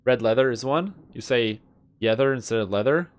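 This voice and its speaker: Streaming live, a man talks casually with his viewers and has fun with tongue twisters, tripping over the words and laughing at his own mistakes. He speaks in a mid-range voice at a moderate pace.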